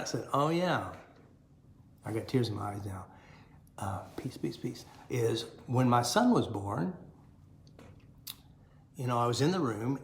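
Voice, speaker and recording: A middle-aged man with an ordinary mid-range voice tells personal stories in a folksy, repetitive way. He acts out remembered dialogue as he goes. The sound carries a noticeable room echo. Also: medium pitch. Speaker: self-help teacher. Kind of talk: personal storytelling.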